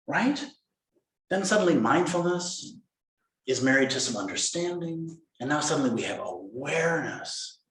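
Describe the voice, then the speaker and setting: A man giving a dharma talk as a Zen teacher, playful and animated, acting out inner voices. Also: mid-range voice. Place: meditation hall. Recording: roomy hall echo.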